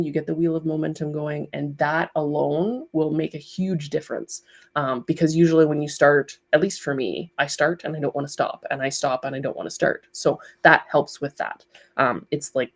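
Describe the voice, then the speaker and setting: Chatty woman with a low-set voice. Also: a little mellow. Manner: chatty, rambling, giggly. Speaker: livestream host, clay artist. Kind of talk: casual livestream chat.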